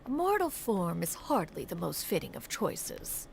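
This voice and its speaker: A woman's voice: on the low side, wildly swooping pitch, measured pace, gravelly, slight background noise, exaggerated voice. A woman voicing an aloof, ancient crane spirit in a video game, speaking in formal, archaic phrasing. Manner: formal, archaic speech, referring to herself as one.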